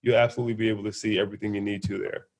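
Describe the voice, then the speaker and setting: A man's voice: on the low side, little pitch movement, rapid-fire, a little hiss or hum. This is a man interviewing a client on an informal business call. He keeps his questions short and to the point. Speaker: payment services representative.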